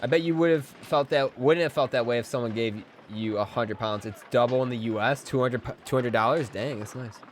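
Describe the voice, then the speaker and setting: Excitable man streaming a game. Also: mid-range voice, fairly quick, few pauses, a little hiss or hum. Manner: excitable, jokey, talks to chat. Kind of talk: casual live gameplay commentary.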